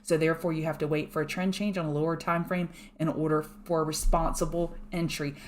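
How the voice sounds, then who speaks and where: Casting: woman, lowish voice, quick and chatty, livestream chart commentary. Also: level tone, slight background noise. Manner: fast-talking, chatty, thanks viewers by name. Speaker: market analyst host. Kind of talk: live trading chart commentary. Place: home room.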